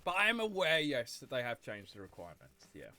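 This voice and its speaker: A livestreamer talks to chat in a loose, animated way and laughs often. The voice is bright and lively, with pitch swinging widely. Faint music sits under the desk-mic voice. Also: fairly quick. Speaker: gaming livestreamer. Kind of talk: casual livestream commentary.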